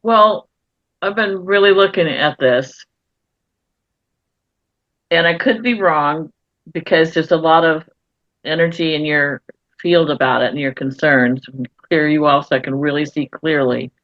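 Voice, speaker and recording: A woman medium giving an intuitive reading, searching for words with pauses and fillers. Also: low-pitched, fairly even intonation, no echo. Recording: dull lo-fi dry audio.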